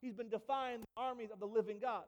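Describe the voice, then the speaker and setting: A man's voice: very high voice, fairly even intonation, fast talker, in a large hall. A man voicing an eager, earnest young shepherd boy who insists on telling his story.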